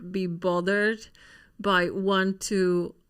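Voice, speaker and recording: Halting, chatty woman co-host. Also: mid-range voice, level tone, clean tone. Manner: chatty, halting, laughs easily. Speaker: podcast co-host. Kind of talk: casual family chat.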